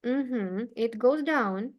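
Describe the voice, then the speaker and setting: A woman teaching an English lesson, speaking patiently and clearly. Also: a little high, lo-fi sound. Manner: patient, slow and clear, with frequent okays. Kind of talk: online one-to-one English lesson.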